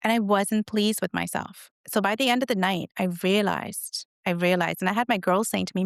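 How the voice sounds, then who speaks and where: A woman's voice: medium pitch, steady tone, a little fast, gravelly, hardly any pauses, clean tone, no echo, studio quality. A middle-aged woman, a guest author, telling stories in an earnest, reflective way during an interview. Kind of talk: conversational interview.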